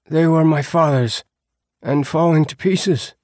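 A man's voice: on the high side, measured pace, a little mellow, no room sound, studio quality, pitched above the performer's own voice, close to an everyday voice. A man voicing a tired, heartsore young peasant who speaks in formal, old-fashioned words. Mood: earnest. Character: weary cursed young peasant man, timid and polite.

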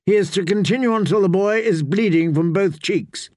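A man's voice: high-pitched, moderate pace, darkish tone, dry recording, studio quality, pitched above the performer's own voice, lightly acted. A man voicing a cruel, scornful adult queen who speaks in clipped commands. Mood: commanding. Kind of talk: audiobook character voice.

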